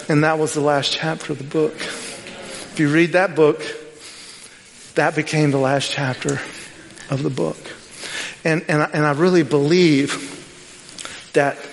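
High-voiced storytelling preacher in a reverberant hall. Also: male voice. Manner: storytelling with lively quoted dialogue. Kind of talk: sermon. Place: church sanctuary.

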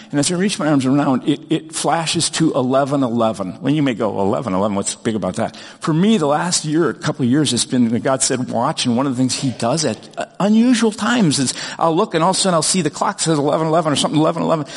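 A middle-aged man preaches, recounting a personal story in an earnest, animated way and often restarting his sentences. His voice sits at an ordinary middle pitch. The sound carries a long reverb, as in a large church hall. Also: breathy edge. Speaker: pastor. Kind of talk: storytelling sermon.

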